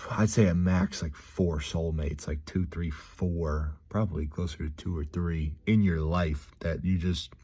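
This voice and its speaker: A man with a low, deep voice rambles through a casual vlog, upbeat and reflective. He drifts between thoughts with frequent pauses. He is talking from a gym. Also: mellow. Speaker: vlogger.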